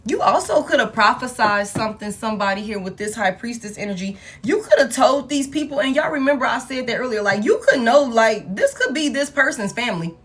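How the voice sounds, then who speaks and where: A woman, giving a live tarot reading in blunt, profane, animated street talk. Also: on the high side, a little fast, hardly any pauses, husky. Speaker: tarot reader.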